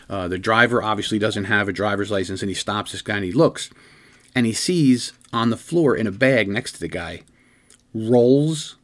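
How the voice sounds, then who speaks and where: A man who hosts a podcast and is a police detective, telling a story in an earnest, rambling way with many restarts. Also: on the low side. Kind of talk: conversational storytelling.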